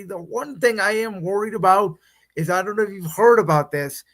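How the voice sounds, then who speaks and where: A man's voice: high voice, moderate pace, fairly bright tone. A man co-hosting a casual sports podcast, his voice weakened by illness, talking with hesitant restarts but firm opinions. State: weak voice from illness. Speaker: podcast co-host.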